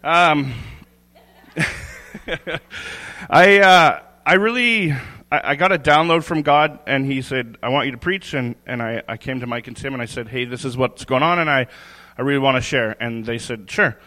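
A man's voice: mid-range voice, normal speed, bright, forceful tone. A man giving an informal, candid church sermon, chuckling and restarting his phrases as he talks. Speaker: lay preacher. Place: church sanctuary. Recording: long hall reverb.

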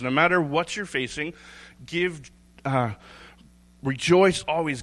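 Here the lay preacher's voice sits a little high and a bit bright, and he talks a little slowly with long pauses. He chuckles and restarts phrases through an informal, candid sermon, his words echoing with long hall reverb in the church sanctuary.

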